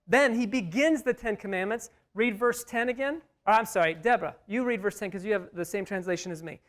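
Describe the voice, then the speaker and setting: A man's voice: sits high, fairly quick, fairly bright tone. A man leading an interactive Bible study, emphatic, repeating key words and putting questions to the group.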